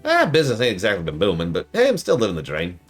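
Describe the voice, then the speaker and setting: A man's voice: on the low side, wildly swooping pitch, very fast, faint music behind. A man voicing a friendly, folksy woman who runs a diner, reading game dialogue aloud on a stream in a chatty way with country slang.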